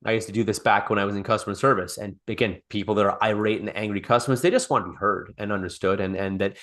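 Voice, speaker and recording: A man's voice: fairly low pitch, fairly even intonation, fast talker, few pauses, a bit bright. Man coaching sales on a call. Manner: repetitive, restarts phrases, acts out sample dialogue. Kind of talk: live online coaching session.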